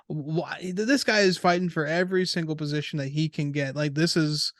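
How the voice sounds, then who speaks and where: Smooth-voiced man in casual racing chat. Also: on the high side, fairly quick, few pauses, no room sound, clean studio sound. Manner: relaxed, swearing, laughing often. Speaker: podcast co-host.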